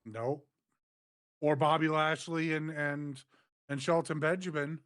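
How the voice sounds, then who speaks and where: A man's voice: fairly high pitch, little pitch movement, takes it slowly, a bit bright, no echo, clean studio sound. A man co-hosting a wrestling review podcast, recapping events steadily and answering his partner with short agreeing replies. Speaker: co-host of wrestling review show.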